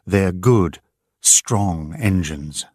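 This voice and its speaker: A man's voice: deep voice, drawn-out words, darkish tone, breathy edge, no room sound, clean studio sound, full character voice. A man voicing a worried young ship's engineer in an audiobook, in a plain, earnest way. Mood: uneasy. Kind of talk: audiobook character voice.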